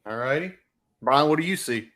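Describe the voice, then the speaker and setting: A man hosting a sports podcast in loose, casual chat. He is brash and emphatic, pushing his opinions hard. His voice sits at an ordinary middle pitch. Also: animated, moderate pace, fairly bright tone. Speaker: podcast host.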